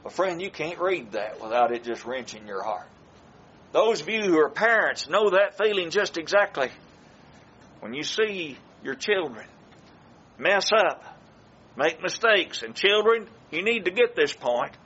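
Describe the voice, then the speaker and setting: Slow, emphatic male preacher. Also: fairly high pitch, animated, pushed and bright, breathy edge, dull audio. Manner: slow, emphatic delivery with dramatic pauses. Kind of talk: sermon.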